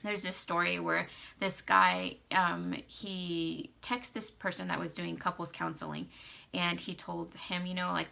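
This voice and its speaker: A young woman talks straight to camera about marriage in a casual, chatty way, full of fillers and acted-out quotes. Her voice sits a bit low, with a bright edge and a gravelly fry. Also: level tone, a little slow. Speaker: vlogger giving marriage advice. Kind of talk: casual advice talk to camera.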